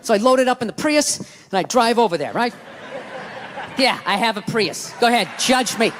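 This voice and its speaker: A man doing a loud, profane stand-up routine on a comedy stage. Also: very high-pitched, expressive, normal speed, long reverb tail, a faint crowd, a little hiss or hum. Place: comedy stage with a live audience.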